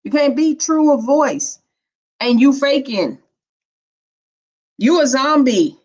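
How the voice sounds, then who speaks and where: A woman's voice: high-pitched, animated, takes it slowly, a little mellow. A woman, giving a spiritual teaching talk in a playful, preachy, colloquial way. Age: 50s. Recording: dull lo-fi recording.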